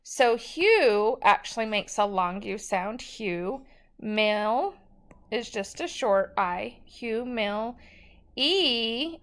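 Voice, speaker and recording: A woman's voice: mid-range voice, fairly bright tone, clean tone. A woman teacher giving a recorded spelling lesson, patiently sounding out each word syllable by syllable.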